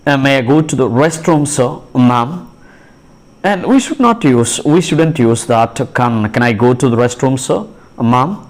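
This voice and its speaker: A man teaching classroom phrases, pausing often with fillers and restarting sentences as he reads out examples. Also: mid-range voice, lively intonation. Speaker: English teacher. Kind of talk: classroom English lesson.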